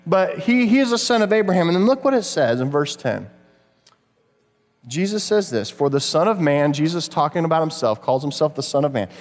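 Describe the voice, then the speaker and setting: High-voiced man preaching in a reverberant church. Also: sing-song, fairly quick. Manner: conversational, storytelling, addresses kids. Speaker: pastor. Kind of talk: sermon. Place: church sanctuary. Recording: long reverb of a church hall.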